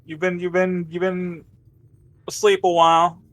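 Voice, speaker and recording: A man's voice: monotone, unhurried, no echo. A man voicing a nervous, kind young male medic who stammers. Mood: soothing. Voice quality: high, stammering.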